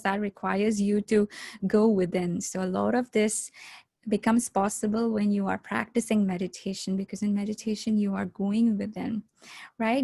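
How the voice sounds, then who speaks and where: A woman leading a spiritual workshop, explaining calmly and gently, often checking in with a "right?". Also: medium pitch, vocal fry, dry recording. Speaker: meditation workshop teacher.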